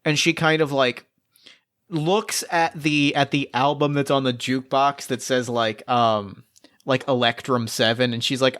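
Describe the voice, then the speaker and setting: A man's voice: medium pitch, fairly even intonation, a little slow, fairly bright tone, clear, resonant tone. A man narrating as game master in a tabletop game, rambling with many fillers and restarts. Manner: rambling, filler-heavy, laughs often.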